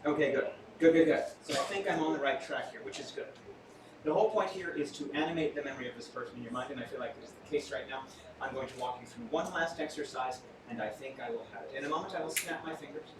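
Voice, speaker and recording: A man's voice: mid-range voice, quick pace. A man performing stage mentalism live for a small audience, with theatrical, playful patter and joking asides to the crowd. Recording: echoey room, far from mic, audience noise.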